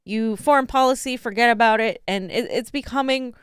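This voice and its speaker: A woman co-hosting a casual political talk show, sarcastic and quick to laugh, swearing freely. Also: a little high, fairly bright tone, clear, resonant tone, dry recording, clean studio sound. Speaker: co-host.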